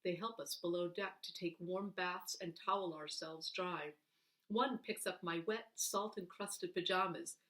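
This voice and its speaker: A woman reading a children's book aloud in an expressive, animated way, with dramatic pauses. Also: fairly low pitch. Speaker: reader. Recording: voice heard from a distance.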